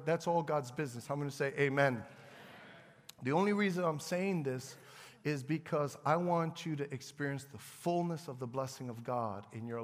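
A man preaches to his congregation in a loose, conversational style, often restarting phrases and calling for amens. His voice sits fairly high for a man. The sound carries the long reverb of a large church sanctuary. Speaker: pastor. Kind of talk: sermon.

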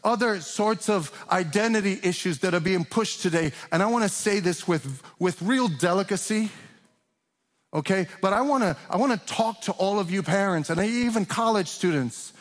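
A man preaching to a large congregation, his slightly high voice pushing hard on each point and climbing into urgent questions. The sound carries a long reverb from the big church hall around him. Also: normal speed, few pauses, soft background music. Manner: impassioned preaching with rising emphatic questions. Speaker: pastor. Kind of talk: sermon.

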